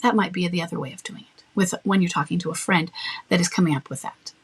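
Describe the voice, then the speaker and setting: Husky woman coach, firm and matter-of-fact, talks through little made-up conversations. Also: fairly low pitch, fast talker. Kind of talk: advice talk.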